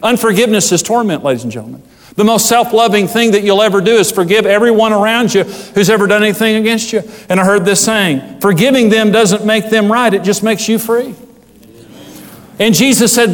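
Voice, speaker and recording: A male pastor with a high voice preaches with fervor, climbing to loud peaks and dropping to hushed asides. His words ring out with a long reverb, as in a large church hall. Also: brisk. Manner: fervent preaching with big swings from loud highs to low hushed asides. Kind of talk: sermon.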